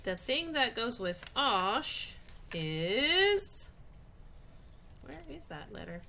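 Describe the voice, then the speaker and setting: A woman with a very bright, tense, high-leaning voice leads a phonics lesson for little kids. She talks slowly and patiently, drawing out each sound and praising often. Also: sing-song, creaky, a little hiss or hum. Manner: slow, patient and encouraging, stretching out sounds. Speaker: teacher. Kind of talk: phonics lesson for young children.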